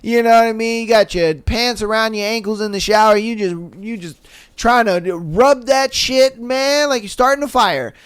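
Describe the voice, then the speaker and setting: Slangy man with a smooth, high voice. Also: normal speed, no echo. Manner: slangy, animated, swearing, laughs at his own jokes. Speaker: podcast host. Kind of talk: casual podcast chat reading listener stories.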